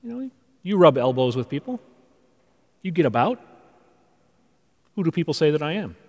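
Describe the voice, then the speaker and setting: Male pastor preaching a sermon, lively pitch, long hall reverb, conversational with rhetorical pauses. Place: church sanctuary.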